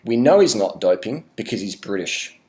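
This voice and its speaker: An Australian man vlogging a rambling, deadpan sarcastic rant, swearing now and then. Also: fairly low pitch, normal speed, slight background noise.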